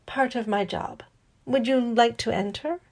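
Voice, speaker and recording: A woman's voice: on the high side, measured pace. Woman voicing a courteous Italian-accented robot man. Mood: polite. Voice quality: sonorous. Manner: courteous, gently formal. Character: suave tall male robot, polite and charming.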